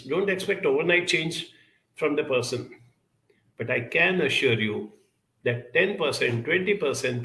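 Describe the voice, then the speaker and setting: Earnest man with a gravelly voice. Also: medium pitch, sharp tone, reverberant, low-quality recording. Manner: measured, earnest, many pauses and fillers. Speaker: self-help speaker answering viewer questions. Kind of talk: reflective talk.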